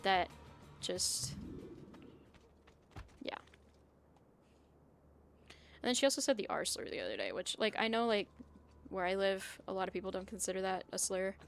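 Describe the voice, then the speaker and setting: A woman's voice: mid-range voice, expressive, moderate pace, vocal fry, long pauses, soft background music. A young woman streamer in her twenties chatting casually as she plays, venting and swearing, with lots of filler words. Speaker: gaming streamer. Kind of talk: casual chat while playing.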